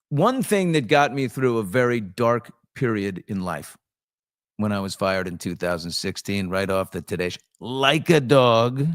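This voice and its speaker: Male host, low voice, dry close sound, rambling casual commentary with plenty of ums. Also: dry recording. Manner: chatty, off-the-cuff, frequent ums and restarts. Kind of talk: casual morning chat reading viewer comments.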